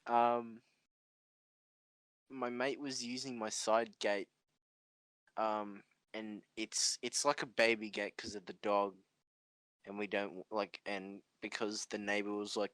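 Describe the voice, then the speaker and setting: A man's voice: fairly low pitch, little pitch movement, slow pace, pauses often, a bit bright, no echo. A young man hosting a podcast, telling stories in a rambling, swear-filled casual chat with frequent laughs. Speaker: podcast host.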